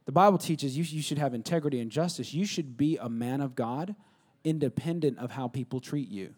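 A male pastor preaching a sermon, swinging from loud, emphatic bursts to low, quiet asides and acting out conversations with himself. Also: fairly quick. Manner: acts out conversations, asking and answering himself.

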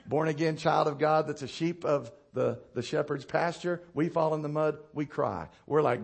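In a breathy voice with vocal fry, a male pastor preaches at normal speed with few pauses. He tells lively stories, laughs at his own tales, sinks low and quiet to make a point, and invites responses from the congregation.

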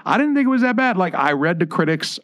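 A man's voice: high-pitched, sing-song, quick pace, a bit bright. A man hosting a casual podcast chat, rambling through stories with lots of filler words. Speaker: podcast host.

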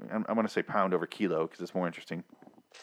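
Young male host, solo show recap, loose rambling delivery, lowish voice, mocks characters in silly voices. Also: steady tone, racing, a bit bright. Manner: rambling, joking, acts out characters in mocking voices. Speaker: podcast host recapping a TV episode.

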